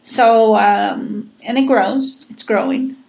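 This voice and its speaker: Earnest woman podcast host, slightly high. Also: steady tone, takes it slowly, gravelly, a little mellow. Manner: earnest, encouraging, repeats words. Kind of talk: casual chat.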